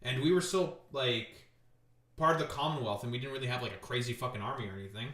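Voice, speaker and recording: Casting: guy streamer, bright forceful voice, profane and sarcastic, roomy sound. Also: mid-range voice, fast. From Canada. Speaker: streamer host. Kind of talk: casual political commentary. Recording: roomy echo.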